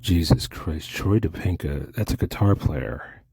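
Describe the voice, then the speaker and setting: A man riffing through a comic monologue, rambling and cutting himself off mid-thought. His voice is low and husky, with a dark, mellow tone, and his pitch swings widely as he talks. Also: animated, measured pace, no room sound. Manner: rambling, self-interrupting, stammering.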